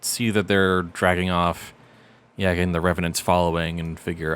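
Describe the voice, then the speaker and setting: Low-voiced man playing a tabletop game. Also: level tone, fairly bright tone, smooth. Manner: wry, deliberate, thinking aloud. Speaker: player. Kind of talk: tabletop role-play.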